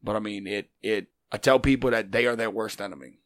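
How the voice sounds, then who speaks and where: Animated storyteller man, dry close sound. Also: on the low side, fairly quick, no room sound. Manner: animated, acts out dialogue in quoted voices. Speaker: wrestling trainer, guest. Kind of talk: casual storytelling.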